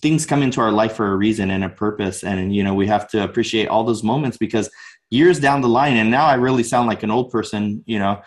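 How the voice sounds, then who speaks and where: A man's voice: fairly low pitch, fairly quick. A man from the United States, a podcast guest telling stories casually, filling with "you know" and acting out quotes. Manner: animated, acts out quotes, many "you know" fillers. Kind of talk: casual storytelling.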